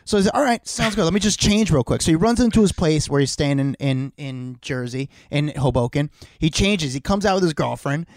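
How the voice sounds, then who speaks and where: Animated storytelling man, dry close sound. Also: on the high side, brisk, few pauses, no echo. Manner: animated, swears freely, acts out quoted voices. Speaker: podcast co-host. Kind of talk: casual storytelling chat. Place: home.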